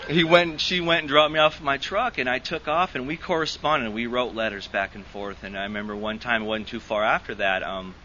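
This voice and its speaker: A man's voice: mid-range voice, brisk, hardly any pauses, sharp tone, lo-fi sound, a little hiss or hum. A man speaking to a recovery group, telling a rambling personal story with lots of restarts and laughs. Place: meeting hall.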